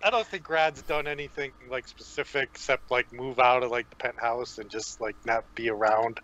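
A laid-back man plays in a tabletop role-playing game, filling his speech with "you know" and "like". His pitch is mid-range for a man, and his tone is bright and crisp. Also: fairly even intonation, moderate pace, highs cut off. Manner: laid-back, many fillers. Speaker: player. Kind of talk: casual chat in a tabletop game.

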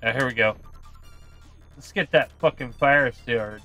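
A man streaming himself playing a game live, swearing and yelling angrily at the game between muttered asides to chat. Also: medium pitch, unhurried, pauses often, faint music behind. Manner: profane, ranting, yelling at the game. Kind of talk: live gameplay stream commentary.

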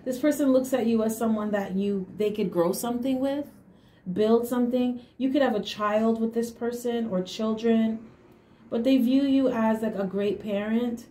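Woman tarot reader, slightly high voice, casual and emphatic with affirming hums; echoey room, light hiss. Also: normal speed, mellow. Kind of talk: casual tarot reading to camera.

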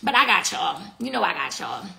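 A woman's voice: fairly low pitch, very animated, fairly quick, gravelly, bright, forceful tone, slight background noise. A woman giving a casual live tarot reading, blunt and profane, chatting with her viewers between cards. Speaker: tarot reader.

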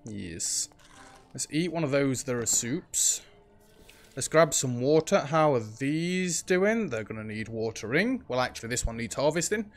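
A man's voice: mid-range voice, animated, a little slow. A man hosting a let's play, thinking aloud in casual gameplay commentary. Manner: chatty, thinks aloud while playing, frequent ums.

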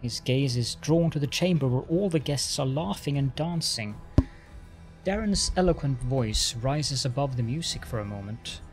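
A man's voice: mid-range voice, expressive, moderate pace, soft background music. Man narrating a game's story text. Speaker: let's play narrator. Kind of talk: reading game text aloud.

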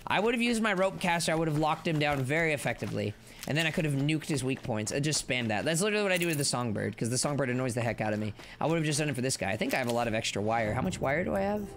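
A man with a rather high voice streams live gameplay, talking fast with excitable, playful commentary. He rambles on and chats with his viewers.

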